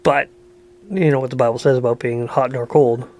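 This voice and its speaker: A man's voice: mid-range voice, steady tone, fairly quick, darkish tone. A man co-hosting a podcast, talking bluntly and profanely in casual chat, laughing often. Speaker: podcast co-host.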